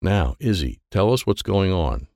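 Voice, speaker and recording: A frantic, questioning aunt in a children's storybook, put on by a male reader. The voice swings widely and carries a gravelly grain. The recording is close and dry. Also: low-pitched, very animated, measured pace, a little mellow, dry recording, full character voice. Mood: stern. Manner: anxious, questioning. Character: frantic middle-aged woman, the aunt. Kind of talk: audiobook character voice.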